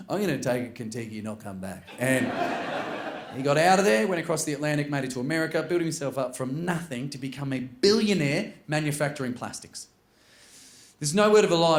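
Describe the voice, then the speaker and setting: Australian stand-up comic, animated delivery. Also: male voice, fairly high pitch. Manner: animated, jumps into loud character voices. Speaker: stand-up comedian. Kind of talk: stand-up storytelling. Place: comedy stage. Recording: roomy venue with faint noise.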